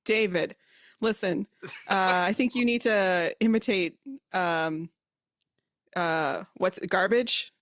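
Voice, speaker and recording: A woman who talks slowly, recorded dry and close. Her delivery is deadpan with hesitant fillers as she plays a tabletop game. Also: medium pitch, no echo. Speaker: player. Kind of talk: casual tabletop play.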